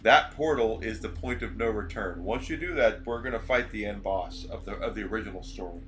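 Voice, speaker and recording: A man's voice: fairly low pitch, brisk, fairly bright tone, slight background noise. A man streaming a video game, chatting casually and rambling as he plays. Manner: rambling, self-correcting, chatty. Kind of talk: casual gameplay commentary.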